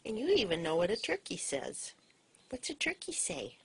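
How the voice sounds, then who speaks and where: A woman talking affectionately to her pet bird at home, coaxing and sing-song, sometimes dropping to a soft whisper. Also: medium pitch, huge pitch swings, moderate pace, husky. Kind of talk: affectionate baby talk to a pet.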